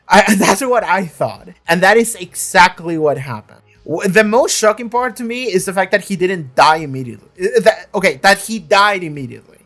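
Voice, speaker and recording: A man's voice: sits high, lively intonation, brisk, hardly any pauses, a bit bright, faint music behind. A man casually reviewing a TV episode he just watched, rambling with many restarts and swearing freely. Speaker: reaction channel host.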